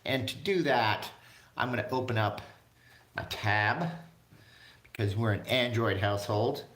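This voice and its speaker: A vlog host chats loosely on a casual live stream from home, reading viewer comments out loud. His medium-pitched voice is a bit bright and comes at a measured pace. The room sounds echoey.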